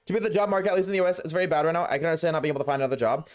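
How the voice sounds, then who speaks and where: A man's voice: on the high side, very fast, faint music behind. A man streaming a game, ranting bluntly to his live chat and swearing freely. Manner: chats with viewers while playing. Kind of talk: casual rant to live chat.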